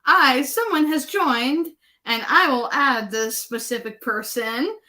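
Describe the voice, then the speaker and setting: A woman's voice: high-pitched, takes it slowly, bright, forceful tone. A woman hosting an interview show over a video call, framing her questions with long examples. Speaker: podcast host.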